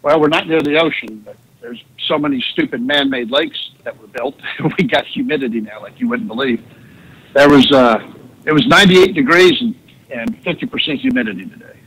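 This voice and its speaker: Male caller, chatty, bright voice, faint noise on the phone line. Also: a little high, lively intonation, fairly quick, vocal fry. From Texas. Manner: chatty, laughing easily. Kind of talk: phone-in chat.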